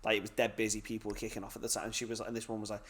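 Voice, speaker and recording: A man's voice: fairly low pitch, racing, husky. A young man co-hosting a podcast, telling stories in casual, sweary chat and acting out what people said. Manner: swearing, animated storytelling with acted-out quotes. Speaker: podcast co-host.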